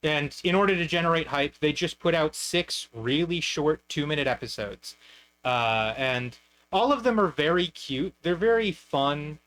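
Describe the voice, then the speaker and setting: A young man talks his way through an anime review on a stream. His voice sits a little high, and he rambles with plenty of fillers, restarts and casual swearing. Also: animated, unhurried, a bit bright. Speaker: streamer host.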